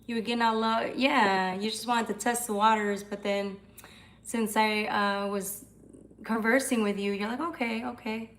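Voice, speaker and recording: A woman's voice: a little high, steady tone, moderate pace, a bit bright, a little hiss or hum. Chatty woman hosting a livestream. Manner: chatty, swears, answers chat comments. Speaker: tarot livestream host. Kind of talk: casual livestream chat.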